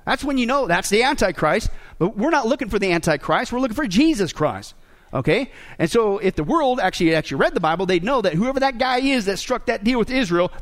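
A male preacher delivers a sermon with a noticeably high voice. He is emphatic, pauses to quiz the congregation with quick questions, and breaks in with wry jokes. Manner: emphatic, rhetorical questions to the congregation, joking asides. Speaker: pastor.

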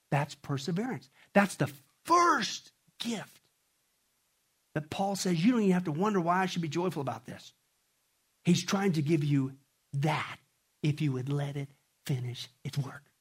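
A man preaching a sermon, animated, swinging between loud bursts and quiet stretches. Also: on the high side, measured pace, long pauses, husky. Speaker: pastor.

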